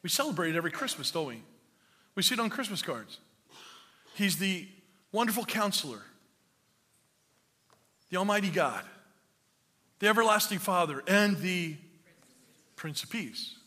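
A male pastor preaches with a high, bright voice that rings through a large hall with a long echo. He tells stories that poke fun at himself, then builds to emphatic points, and his words hang in the reverb of the room. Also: very animated, moderate pace, pauses often. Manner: storytelling with self-mocking humor, then building to emphatic preaching. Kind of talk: sermon. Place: church hall.

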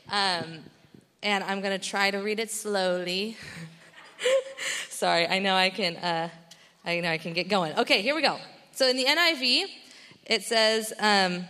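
Chatty, self-correcting woman preacher with a bright voice, recorded in a reverberant church hall. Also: mid-range voice. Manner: chatty, self-interrupting, laughs often. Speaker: pastor. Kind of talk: casual sermon.

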